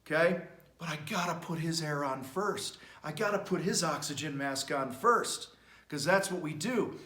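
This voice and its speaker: A middle-aged man coaching contractors on camera, blunt and high-energy, with some swearing. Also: a bit bright. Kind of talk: motivational talk to camera. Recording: echoey room.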